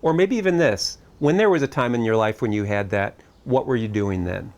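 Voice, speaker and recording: A man's voice: mid-range voice, lively intonation, brisk, darkish tone, lo-fi sound. A middle-aged man speaking at a family camp, giving a reflective talk in a conversational way. He asks his listeners searching questions and adds light humor.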